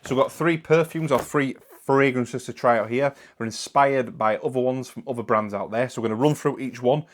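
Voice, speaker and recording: A man with a Northern English accent hosting a casual product review, chatty and relaxed with frequent ums and uhs. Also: medium pitch, fairly quick.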